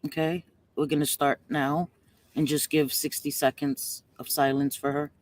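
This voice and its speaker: A woman's voice: low-pitched, flat delivery, moderate pace, dry recording. A woman hosting a casual livestream, chatty and affectionate with viewers, at times fighting back tears. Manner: chatty, calls viewers sweetie pie. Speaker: livestream host.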